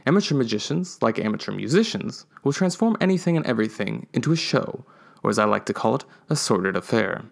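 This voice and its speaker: A man reads a whimsical story on a podcast, his delivery dry and measured. His voice has a gravelly, creaky texture at mid pitch. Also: sing-song. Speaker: podcast co-host reading a story. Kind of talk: scripted storytelling narration. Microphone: podcast microphone.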